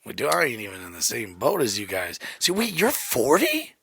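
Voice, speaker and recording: Podcast host dude, joking around and swearing, pretty bright tone. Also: male voice, medium pitch, wildly swooping pitch, normal speed, gravelly, slight background noise. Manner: laid-back, joking, profane. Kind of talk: casual podcast chat.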